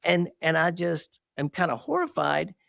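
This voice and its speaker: Middle-aged male therapist guest, fairly high voice, gravelly, expressive storyteller. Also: moderate pace, no echo, clean studio sound. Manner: animated, earnest testimony with self-deprecating laughs. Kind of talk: candid storytelling interview.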